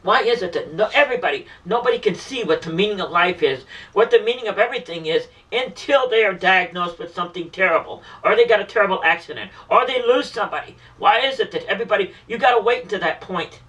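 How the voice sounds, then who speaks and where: A man's voice: high-pitched, animated, fast talker, few pauses, pushed and bright, recorded from a distance, rough recording. A man delivering an emotional, pleading monologue about faith and the meaning of life, repeating himself often. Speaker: self-styled spiritual messenger.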